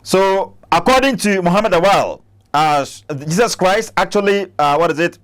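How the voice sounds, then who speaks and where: A man's voice: sits high, lively intonation, normal speed, fairly bright tone. A man hosting a commentary channel, arguing against a clip he plays, stammering and repeating himself. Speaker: Christian apologist channel host.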